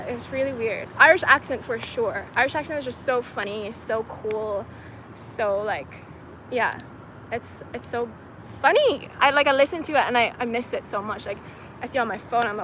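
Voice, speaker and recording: A woman's voice: a little high, bright, forceful tone, low-quality recording. A young woman from China chatting casually to a livestream, rambling and filling her talk with "like". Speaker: streamer answering chat questions. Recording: outdoor street and traffic noise.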